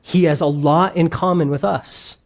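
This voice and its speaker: Male pastor, sermon delivery: emphatic and earnest with light asides, a fairly high voice for a man. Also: fairly even intonation, moderate pace, vocal fry.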